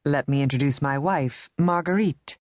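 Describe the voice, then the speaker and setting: Low-voiced woman narrating a lesson. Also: normal speed, darkish tone, no echo, studio quality. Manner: clear, patient, guiding the learner. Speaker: language course narrator. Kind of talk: scripted instructional narration.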